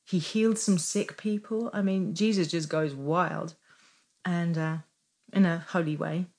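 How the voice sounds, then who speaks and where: A middle-aged woman giving an informal devotional teaching, animated and often laughing, moving into fervent worship. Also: fairly low pitch, unhurried. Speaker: Christian teacher sharing a devotional.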